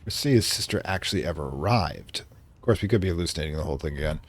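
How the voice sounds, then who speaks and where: A man's voice: low-pitched, expressive, quick pace, breathy edge, no room sound. A man hosting a let's play, making chatty, wry asides while reading through a horror game. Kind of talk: gameplay commentary.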